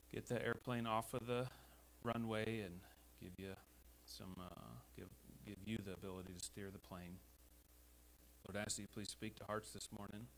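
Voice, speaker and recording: A man with an American accent preaching a sermon as pastor in a church, emphatic and rising to loud exhortations. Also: sits low, creaky, poor audio. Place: church sanctuary. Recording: faint hum behind the voice.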